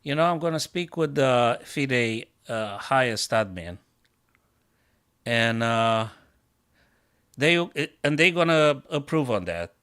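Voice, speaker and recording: A man talking his way through a live chess game at an unhurried, drawn-out pace. He mocks himself and breaks into sudden exclamations, with a voice of middling pitch. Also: expressive, fairly bright tone, clear, resonant tone. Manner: self-mocking, bursts into exclamations. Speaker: chess coach streaming his games. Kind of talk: thinking aloud while playing live chess.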